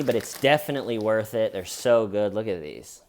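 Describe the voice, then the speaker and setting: A man's voice: lowish voice, a little slow, hardly any pauses, darkish tone. A young man casually retelling a crime story as a joke, acting out the quotes in silly voices, at his desk. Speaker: true crime comedy host. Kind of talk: casual storytelling with sponsor read.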